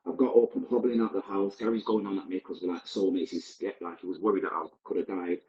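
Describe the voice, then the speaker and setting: A man's voice: sits low, little pitch movement, fast talker, darkish tone, roomy sound, highs cut off. A man, a podcast guest, recounting his past in a candid, vivid, blunt present-tense way. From Manchester, England. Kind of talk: personal storytelling.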